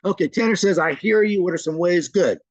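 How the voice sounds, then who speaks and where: Gravelly, encouraging man leading a webinar. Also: sits high, a little fast, no echo, dull audio. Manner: encouraging, praises participants by name; chatty and informal, frequent fillers. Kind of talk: live online training, reading chat replies aloud.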